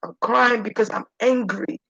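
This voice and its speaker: A woman's voice: moderate pace, gravelly, bright, forceful tone, lo-fi sound. A woman speaking as a channeler in an intense, preachy spirit-channeling monologue. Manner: intense, preachy, shifting pitch.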